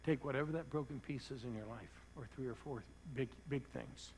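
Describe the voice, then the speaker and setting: A man preaching a sermon as pastor, telling an earnest story that sinks to hushed tones at its emotional moments. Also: mid-range voice, brisk, slight background noise, poor audio. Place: church.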